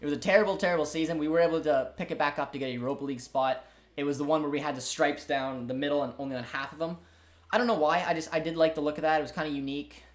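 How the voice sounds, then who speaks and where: A man's voice: on the high side, very fast. A young man hosting a live football watchalong, reacting to the game and reading chat with lots of fillers. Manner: excitable, chatty, frequent fillers. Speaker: host of a football watchalong stream.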